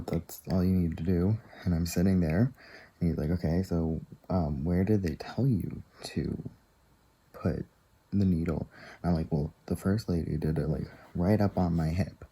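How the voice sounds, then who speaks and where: A man's voice: low-pitched, creaky, warm tone, husky, poor audio. A man casually telling a long story to the camera, rambling and acting out what others said. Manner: rambling, retells dialogue with many "I'm like" and "he's like". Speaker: vlogger.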